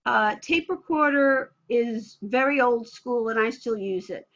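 A woman speech pathologist answers interview questions with a lively, playful manner. Her voice sits high and sounds bright and forceful. The video call audio is a bit dull and muffled. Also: a little slow.

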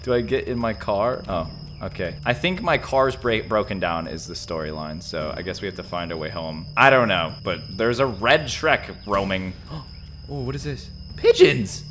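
A young man hosting a gaming video, giving excited play-by-play that jumps between low mutters and sudden yelps and shouts. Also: measured pace, slight background noise. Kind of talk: excited gameplay commentary.

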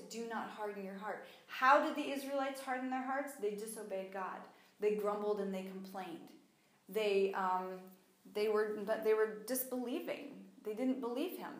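A woman teaching the Bible in a conversational sermon, animated and fond of acting out what people say. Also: fairly high pitch, measured pace. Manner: animated, acts out quoted voices. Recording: echoey room.

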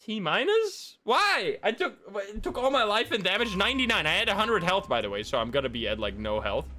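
A man's voice: high-pitched, very animated, fairly quick, sharp tone. A man casually commentating a video game livestream, self-mocking and swearing often. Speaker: streamer playing a video game.

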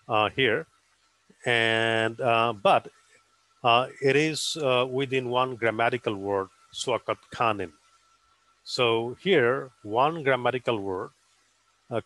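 A man's voice: medium pitch, sharp tone, no room sound, low-quality recording. A man giving an academic conference presentation, explaining carefully with frequent um and uh fillers.

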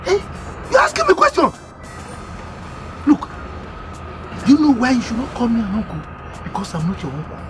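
An actor with a Nigerian accent playing a bitter village uncle who shouts and mocks his relatives in a film. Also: sits high, sing-song, fairly quick, long pauses, faint music behind. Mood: scornful. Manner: mocking, shouting insults. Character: bitter, insulting middle-aged village uncle. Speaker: scornful uncle in a family feud. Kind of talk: Nollywood film acting.

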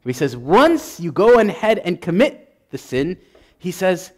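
Impassioned, lively-voiced male priest preaching. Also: sits high, a little slow. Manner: impassioned, builds to emphatic repetition. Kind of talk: sermon.

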